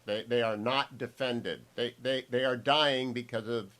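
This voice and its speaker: An emphatic male radio host with a mid-range voice, speaking in punchy bursts as he plugs a book and sets up the next segment. He leans on key words and moves between quick asides and drawn-out points. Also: medium pitch, steady tone, a bit bright. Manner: emphatic, promotional, punchy delivery. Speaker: radio talk show host. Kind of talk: radio interview.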